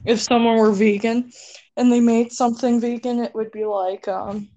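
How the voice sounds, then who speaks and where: A woman co-hosting a casual podcast chat, giggling often and filling pauses with um and like. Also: fairly high pitch, level tone, warm tone. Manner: giggly, drawn-out, lots of fillers. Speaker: podcast co-host.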